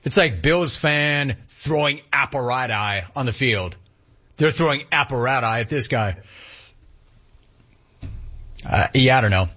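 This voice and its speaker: On dull-sounding audio, a radio talk show host with a slightly rough, medium-pitched voice reads out listener emails. He riffs with animation and plays up a mock-incredulous tone.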